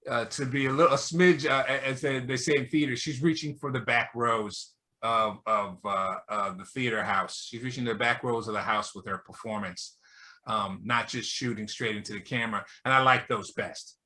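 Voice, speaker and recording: Bright-voiced man reviewing a show. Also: medium pitch, moderate pace. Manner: thinks aloud with many fillers, wry and opinionated. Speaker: movie review show co-host. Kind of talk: casual review chat.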